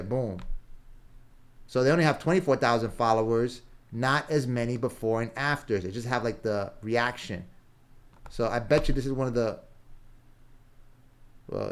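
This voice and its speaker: A man acting as a business coach, walking through examples on screen in a casual, punchy way, thinking aloud as he browses and dropping frequent "right?" and "boom". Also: smooth. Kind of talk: screen-share walkthrough.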